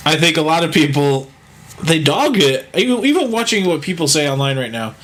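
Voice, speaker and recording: A man's voice: on the high side, big pitch swings, a little fast, a bit bright. A man co-hosting a casual podcast chat, rambling along with lots of fillers and easy laughter. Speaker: podcast co-host.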